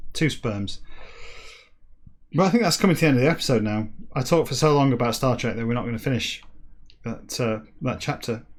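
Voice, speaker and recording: A man in his forties rambles through a comic monologue as the host of his own show. He is sardonic and mock-boastful, and his voice sits at a middling pitch. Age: 40s. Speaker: podcast host.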